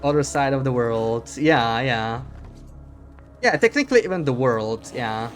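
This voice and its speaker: A young man chats casually on a live stream while playing, reading chat aloud and laughing at himself. His mid-range voice is animated and a little slow, with faint music behind him.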